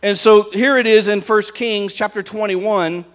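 A man preaching a sermon, emphatic and full of rhetorical questions for the congregation, slowing down to stress key lines. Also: high-pitched, steady tone, fairly bright tone.

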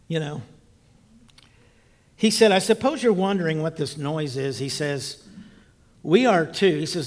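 A man preaching, telling a personal story in a lively, animated way with loud bursts and quiet asides. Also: fairly high pitch. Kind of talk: storytelling sermon.

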